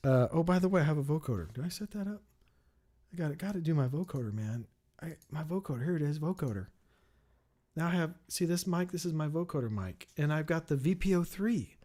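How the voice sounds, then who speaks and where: Guy in his basement studio rambling about his gear, mellow voice, a bit high for a guy, lotsa ums. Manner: rambling, thinking aloud with fillers. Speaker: home studio owner showing his setup. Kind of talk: casual gear demo. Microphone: main studio mic.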